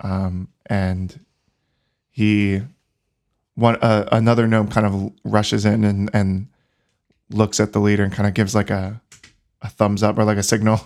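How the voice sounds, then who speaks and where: A man narrating as game master in a casual, halting way with many fillers. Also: on the low side, little pitch movement, a little mellow.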